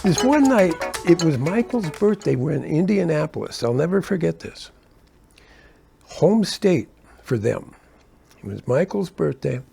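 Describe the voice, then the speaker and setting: An older man, a keyboardist, telling animated stories from his touring days in a casual way. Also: unhurried, creaky, breathy edge, faint music behind. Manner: animated, acts out quotes with rising pitch. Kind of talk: casual storytelling.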